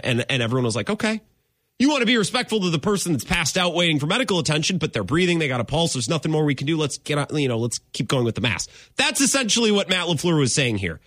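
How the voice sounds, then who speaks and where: A man's voice: medium pitch, very animated, quick pace, a bit bright, no room sound. A man hosting a sports talk radio show, ranting emphatically with mock exasperation. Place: radio studio.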